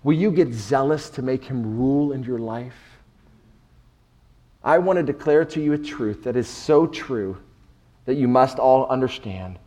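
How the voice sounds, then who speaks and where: Man, middle-aged, pastor, sermon, slow deliberate pace, emphatic loud-soft swings. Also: medium pitch, animated.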